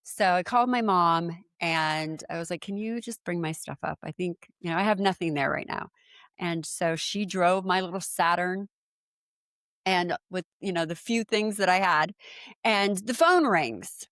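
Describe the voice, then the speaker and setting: A woman in her forties from San Diego, telling a personal story as a podcast guest and acting out what people said with lively jumps in her voice. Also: measured pace, no echo, studio quality. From San Diego, USA. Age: 40s. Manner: animated, acts out quoted speech with big pitch jumps, lots of fillers. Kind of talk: casual storytelling in conversation.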